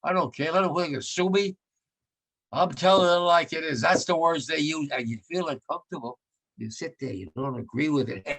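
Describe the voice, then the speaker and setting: A man's voice: on the high side, normal speed, fairly bright tone. A man in his nineties giving a blunt remembrance talk as a war veteran, repeating his points with rising force. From United States. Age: 90s.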